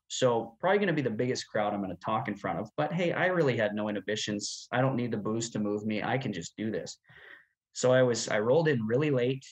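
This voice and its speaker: A man in his thirties from Canada spins a casual story as an interview guest. He is a chatty, animated talker who laughs easily, at an ordinary mid pitch for a man. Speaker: guest, rodeo announcer.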